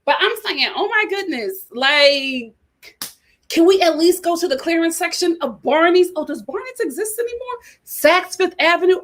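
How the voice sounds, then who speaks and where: A woman ranting as a reality TV commentator, talking in an animated, exasperated way. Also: very high-pitched. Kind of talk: casual chat.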